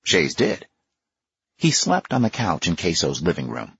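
A man with a husky voice giving a measured, expressive nonfiction audiobook narration. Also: low voice, dry recording, highs cut off.

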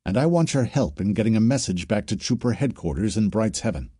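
A man's voice: fairly low pitch, lively intonation, a little fast, warm tone, husky, no echo, studio quality. A man reading the lines of a huge female alien soldier, a commanding veteran who speaks firmly and insistently.

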